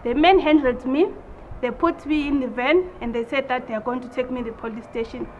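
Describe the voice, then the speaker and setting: Woman, high voice, documentary interview, matter-of-fact recounting, faint background noise. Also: fairly even intonation, fairly quick, highs cut off.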